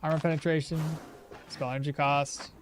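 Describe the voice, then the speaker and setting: Guy streaming a game, bit higher voice, chatty, talks to chat, faint music behind. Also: little pitch movement, brisk. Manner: chatty, thinks aloud, reads chat and laughs often. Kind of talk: casual live-stream commentary.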